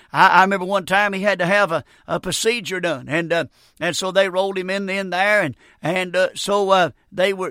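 High-voiced folksy preacher man. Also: bright, forceful tone, no room sound, clean studio sound. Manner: folksy, repetitive, emphatic. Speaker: radio preacher. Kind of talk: sermon.

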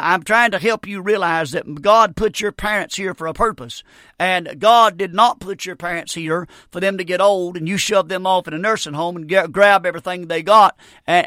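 High-voiced folksy preacher man. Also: a little fast, pushed and bright, dry recording, clean studio sound. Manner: folksy, repetitive, emphatic. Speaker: radio preacher. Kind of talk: sermon.

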